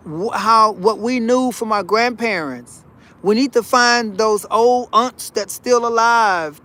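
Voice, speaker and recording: A man with a notably high voice talks straight to his viewers in a loose, preachy monologue. He is folksy and animated, circles back over his own phrases, and sprinkles in honey and y'all. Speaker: vlogger. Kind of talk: casual spiritual monologue.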